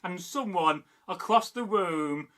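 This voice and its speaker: A man, from the Midlands, giving a scripted history narration in short, measured, dramatic phrases. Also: sits high, expressive, a bit bright. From English Midlands. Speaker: history presenter.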